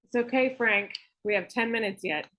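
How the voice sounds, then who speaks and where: A woman's voice: on the high side, normal speed, fairly bright tone, dry recording, close to an everyday voice. A woman reading a cool, guarded young woman. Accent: flat American, tinge of European. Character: cool, guarded Swedish woman, twenty-eight. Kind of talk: amateur script table read.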